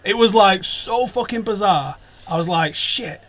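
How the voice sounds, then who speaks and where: A man hosting a football podcast, telling sweary, animated stories in casual chat from a sofa. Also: high-pitched, moderate pace. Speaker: podcast host. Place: sofa indoors.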